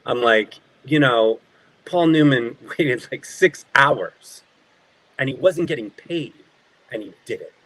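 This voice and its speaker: A man, an actor as an interview guest, telling animated behind-the-scenes stories and acting out the people in them. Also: medium pitch, slow, dry recording, rough recording. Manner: animated anecdotes, acting out quoted voices. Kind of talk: casual storytelling.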